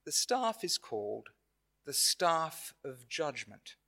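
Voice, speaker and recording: A man with an Australian accent preaching a sermon in a church, earnest and measured, with pauses and self-corrections. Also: a little high, sing-song, gravelly, sharp tone.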